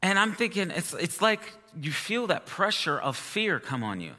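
A man's voice: high voice, sing-song, moderate pace, pushed and bright. A male preacher giving a sermon and telling a personal story in a chatty, self-amused way. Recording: long reverb of a hall.

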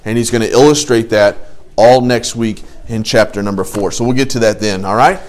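A man teaching an adult Bible study, lively and animated, often acting out quoted voices. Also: a little fast. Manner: animated, acts out quoted voices with rising pitch.

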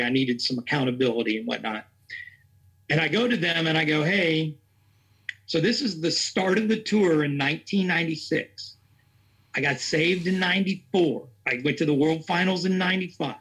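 Husky man telling a story. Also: on the high side, fairly bright tone. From Tennessee. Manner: rambling, earnest, acts out the voices of others. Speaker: racing chaplain. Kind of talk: storytelling in an interview.

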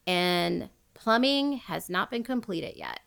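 A woman's voice: on the low side, animated, slow pace, gravelly, a bit bright, clear, resonant tone. A woman hosting a casual podcast, retelling a true crime story in a chatty way and laughing often. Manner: chatty, laughs often, quotes people as she tells.

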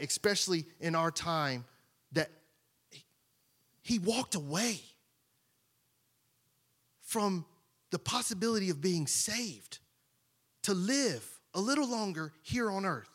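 A male pastor delivers a sermon in a high, bright voice. He speaks slowly, asks the congregation rhetorical questions, and sinks to a near hush on key points.

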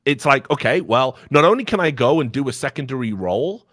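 A man's voice: mid-range voice, animated, fairly quick, a bit bright, dry recording, studio quality. A man on a podcast in casual, opinionated chat, ranting bluntly and swearing freely. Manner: blunt and profane, heated ranting. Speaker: podcast host.

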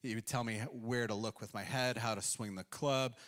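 A man's voice: mid-range voice, fairly even intonation, normal speed, a bit bright. A male pastor preaching a sermon in a conversational storytelling way, acting out quoted voices along the way. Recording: long hall reverb.

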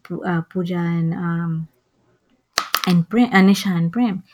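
Over some background noise, a female co-host with a voice on the low side recaps a film in an unhurried, chatty way. She brings the story to life by performing lines and humming songs.

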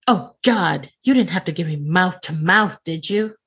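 A woman's voice: lowish voice, animated, a little slow, fairly bright tone, husky, heavily acted. A woman voicing a vain, bossy female trashkin in a tabletop game, with a snippy, indignant manner. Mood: horrified. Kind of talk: tabletop role-play in character.

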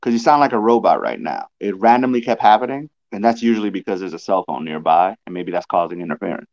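A man's voice: sits low, animated, quick pace, darkish tone, dry recording. A man joining a casual podcast as guest, joking and bantering with the host over dull remote audio.

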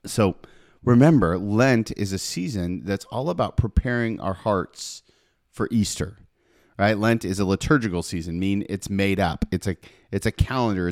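A man's voice: fairly low pitch, normal speed, a little mellow, no room sound. A man hosting a faith podcast in an upbeat, chatty way, talking straight to listeners and reading scripture aloud, on a studio podcast mic. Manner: upbeat, chatty, with frequent "right?" asides. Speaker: podcast host.

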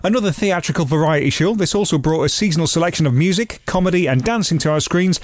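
A man's voice: fairly high pitch, animated, fast. A man co-hosting a podcast, mixing wry casual chat with scripted narration. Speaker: podcast co-host. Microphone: studio mic.

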